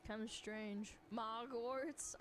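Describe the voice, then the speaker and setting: A woman streamer giving excitable livestream reaction commentary, laughing often and swearing freely. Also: a little high, drawn-out words, slight background noise.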